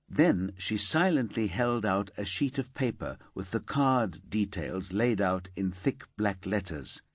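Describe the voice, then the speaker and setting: A man narrating a crime audiobook with a husky, fairly low voice. His reading rises and falls with plenty of movement. The recording is dry and close. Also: no echo. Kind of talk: scripted narration.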